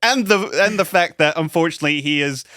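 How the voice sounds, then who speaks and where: A young man co-hosting a casual podcast, talking in a chatty, expressive way. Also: on the high side, quick pace, dry recording, studio quality. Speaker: podcast co-host. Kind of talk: casual chat.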